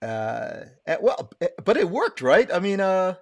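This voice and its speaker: A man's voice: high-pitched, very animated, measured pace, no echo. A man from Hawaii hosting a live online show, chatting with his guest and greeting viewers by name in a friendly way. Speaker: host. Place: Southern California.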